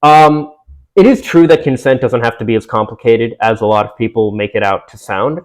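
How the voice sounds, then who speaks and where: A man's voice: medium pitch, normal speed, low-quality recording. Exasperated, sweary young man commenting. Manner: sarcastic, exasperated, swears often. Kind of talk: reaction commentary reading an article aloud.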